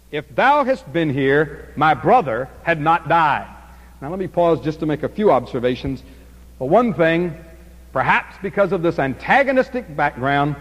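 A man delivering an expository sermon in a somewhat high voice, his pitch rising and falling widely. He swings from emphatic stretches down to near-hushed ones, and his voice rings out with a long hall reverb. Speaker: preacher.

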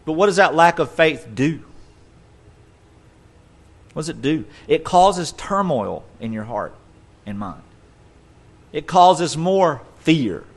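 A man's voice: on the high side, expressive, takes it slowly, pauses often. A male pastor preaching a sermon emphatically, repeating phrases and stopping to correct his own words. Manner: emphatic, repetitive, self-correcting.

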